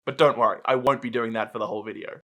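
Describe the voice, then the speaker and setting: Bright-voiced man narrating a video essay. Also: fairly low pitch, level tone. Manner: clear, measured reading. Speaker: video host.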